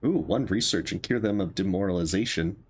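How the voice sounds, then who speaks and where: A man's voice: low-pitched, brisk, husky. A man streaming a survival game, giving casual commentary and thinking aloud over his choices.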